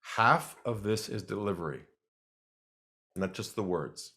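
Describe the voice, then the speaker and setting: Interviewed for his sales expertise, this man talks in a calm, deliberate manner and plays out the voices of those he quotes. His voice sits on the low side.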